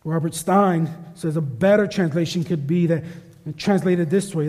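A man's voice: fairly high pitch, measured pace, a little mellow. Emphatic preacher man in an echoing church. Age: adult parent. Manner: emphatic, repeats key phrases. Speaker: pastor. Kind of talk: sermon. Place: church sanctuary.

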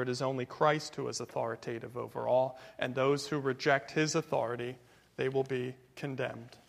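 A man's voice: mid-range voice, vocal fry, fairly bright tone, big-room sound. A man preaching a sermon as pastor, with an emphatic cadence built on repetition.

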